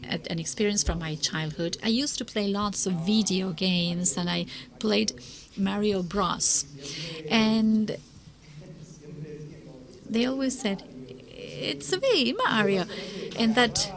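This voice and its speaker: A woman speaking at a conference, answering audience questions in an earnest, encouraging way and often repeating words as she starts a sentence. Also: medium pitch. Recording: live conference with audience noise.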